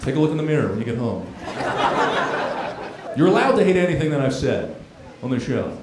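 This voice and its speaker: A man's voice: mid-range voice, very animated, brisk. A man performing a brash stand-up comedy set with confrontational crowd work on a comedy club stage. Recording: echoey club with crowd noise.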